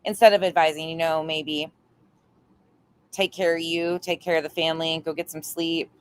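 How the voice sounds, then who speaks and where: A woman's voice: low voice, level tone, normal speed, a little hiss or hum. A woman doing live stream commentary, blunt and exasperated, swearing freely.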